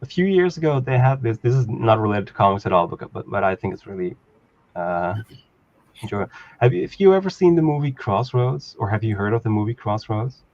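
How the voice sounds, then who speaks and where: A man's voice: fairly low pitch, lively intonation, brisk, darkish tone, muffled recording. A man chatting casually on a video call, telling a long rambling story and laughing often. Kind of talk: casual chat.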